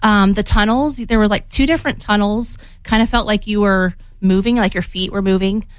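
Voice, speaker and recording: A woman's voice: medium pitch, normal speed, clean tone, no room sound. A woman, a mother, answering interview questions casually and hunting for her words. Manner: hesitant, searching for words. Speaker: guest, mother.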